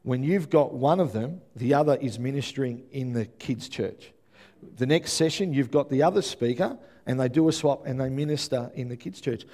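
An Australian man preaching a sermon as pastor, telling stories with lively energy and often checking in with the congregation. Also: mid-range voice, moderate pace. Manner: animated storytelling with frequent "yeah?" check-ins to the congregation.

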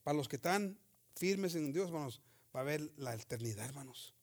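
A man with a notably high-pitched voice delivers a sermon. His preaching is fervent and emphatic, and he keeps driving his points home with amens and hallelujahs. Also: expressive, quick pace.

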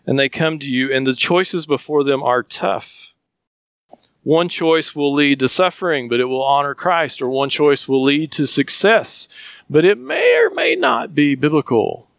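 A man's voice: a little high, gravelly, dry recording, clean studio sound. A man with a Southern US accent preaching a sermon as a pastor, earnest and emphatic, often asking questions.

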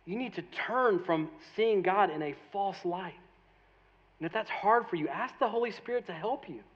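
A man preaching a sermon as a pastor, conversational and animated, with storytelling and asides to the congregation. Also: high-pitched, normal speed, lo-fi sound.

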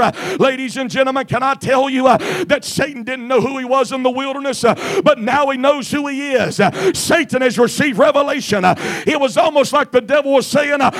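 High, gravelly shouting preacher man. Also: moderate pace. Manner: chanting, shouted cadence with frequent "uh" fillers; drops to quiet, low delivery at times. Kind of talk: Pentecostal sermon. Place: church.

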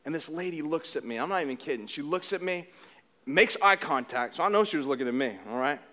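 Pastor guy preaching, high voice, chatty and joking, keeps repeating himself. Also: quick pace. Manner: animated, conversational preaching with humor and repetition. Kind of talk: sermon.

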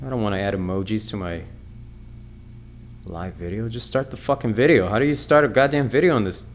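A man hosting his own comedy podcast alone, talking in a profane, excitable, rambling way. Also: fairly low pitch, a little fast, slight background noise. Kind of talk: casual solo podcast monologue.

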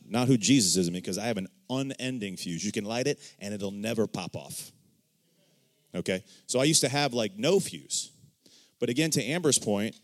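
A man sharing his own testimony in a casual church discussion, animated and acting out the dialogue he quotes, often checking in with "right?". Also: on the low side.

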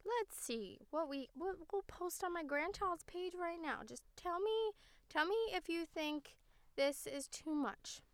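A woman's voice: very high-pitched, animated, a little slow, dry recording, full character voice. A woman playing Agnes, a doting, chatty old grandmother in a comedy sketch, fussy and theatrical. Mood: rambling.

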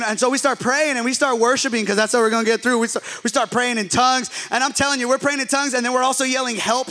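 A young man with a very high, light voice tells a story from the pulpit, playing it for laughs. He is a pastor who jumps into acted-out dialogue and keeps the pace animated. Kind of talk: storytelling sermon.

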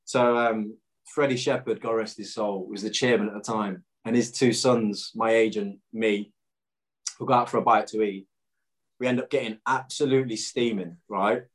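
A man's voice: fairly low pitch, fairly even intonation, normal speed. A man, a former footballer telling a story in a casual interview, full of fillers and quoted dialogue.

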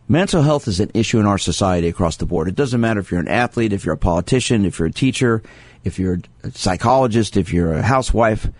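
A man's voice: on the low side, a little mellow, dry recording. A man who is a sports psychologist hosting a call-in radio show, speaking earnestly and with emphasis, repeating his key phrases. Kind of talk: radio talk monologue taking calls.

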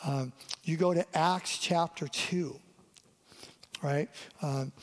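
A man's voice: fairly high pitch, steady tone, slow pace. A man, a lead pastor, delivering a conversational sermon and asking his listeners questions. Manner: conversational, asks the audience questions. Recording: long reverb of a church hall.

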